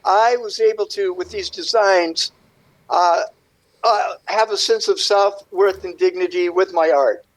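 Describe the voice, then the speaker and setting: A guest artist with a notably high-pitched male voice rambles through a story on a radio interview, animated and unhurried, slipping into small acted-out voices for the characters. The recording is rough.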